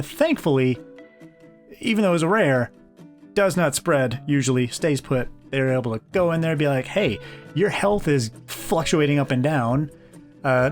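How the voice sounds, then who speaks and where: A young man chatting casually to the camera in a vlog, joking and rambling with self-deprecating asides. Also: on the high side. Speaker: vlogger.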